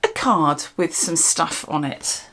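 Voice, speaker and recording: A woman's voice: low-pitched, animated, takes it slowly, a bit bright, slight background noise. An older woman, hosting an unscripted casual product review in a rambling, dry and sarcastic way. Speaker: channel host reviewing products.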